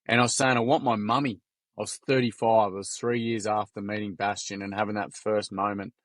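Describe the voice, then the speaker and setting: A man's voice: fairly low pitch, flat delivery, a little fast, fairly bright tone, no room sound. A man in his forties with an Australian accent, a podcast guest telling candid stories in a casual, blunt way, peppered with swearing and slang. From Gold Coast, Queensland, Australia. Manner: blunt, swears freely, heavy on mate and like. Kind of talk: candid conversational storytelling.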